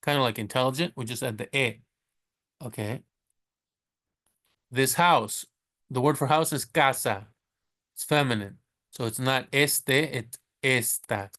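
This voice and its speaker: A man's voice: medium pitch, a bit bright. Chatty man teaching Spanish. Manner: chatty, self-correcting, laughs at his slips; slows down to sound out the Spanish words. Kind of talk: casual screen-share lesson.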